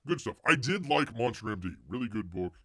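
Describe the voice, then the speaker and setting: Fairly quick and sharp-toned, with lively intonation in a mid-range voice, this comics news live stream host comes through at studio quality with no echo. He rambles jokingly, speaks of himself as Bear in the third person, and mutters asides under his breath.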